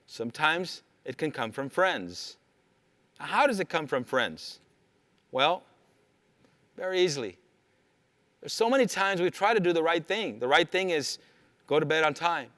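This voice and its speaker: A man's voice: a little high, animated, a little slow, pauses often, a bit bright, no room sound. A man giving a motivational talk to teenagers, emphatic and repetitive, telling stories from his work with students.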